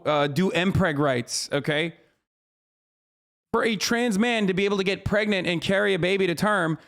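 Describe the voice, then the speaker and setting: High-voiced man ranting with profanity. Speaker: streamer. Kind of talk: live reaction commentary.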